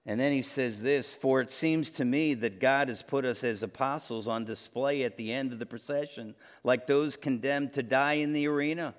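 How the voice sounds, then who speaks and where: A man preaching a sermon, swinging between loud emphatic peaks and low quiet passages. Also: moderate pace, hardly any pauses. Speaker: pastor. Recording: long reverb of a large room.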